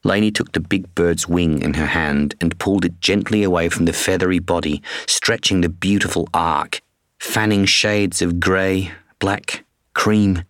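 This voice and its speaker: Man, very low voice, measured somber audiobook narration, dry close studio sound. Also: fairly even intonation, fairly bright tone, no room sound. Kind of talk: first-person scripted narration.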